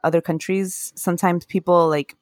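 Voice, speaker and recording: Folklore history comes up in a relaxed podcast chat as a female co-host with a somewhat low voice speaks at a moderate pace. Her manner is sincere, punctuated by laughter at her own slips of pronunciation, and the sound is dry and close with no room around it.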